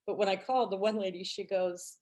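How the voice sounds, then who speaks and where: A woman's voice: fairly even intonation, brisk, darkish tone. A woman and team director co-hosting a book club, chatting and acting out the people she quotes. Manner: chatty storyteller who acts out quotes with a raised pitch. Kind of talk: casual chat and reading aloud.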